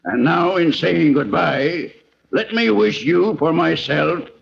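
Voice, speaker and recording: A man earnestly reading a sponsor's holiday letter on an old radio program, in a deliberate, formal manner. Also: on the high side, gravelly. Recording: dull, faintly hissy old radio recording.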